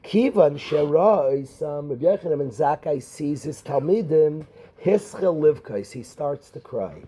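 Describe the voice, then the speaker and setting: Dark-voiced rabbi quizzing his students. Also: on the high side, animated, measured pace, breathy edge, low-quality recording. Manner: addresses students by name, questioning. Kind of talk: Torah class.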